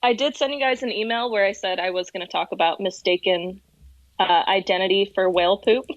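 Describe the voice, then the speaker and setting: A woman's voice: mid-range voice, a little fast, dry recording, dull audio. A woman working as a whale watching tour guide, guest on a casual podcast, telling stories with lots of laughter. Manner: animated storyteller, laughs often. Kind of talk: casual chat, storytelling.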